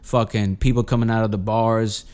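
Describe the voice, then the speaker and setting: Smooth low-voiced man telling a story. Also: little pitch movement, moderate pace, a little mellow. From Los Angeles. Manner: profane, rambling, frequent restarts. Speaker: podcast guest. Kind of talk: casual storytelling.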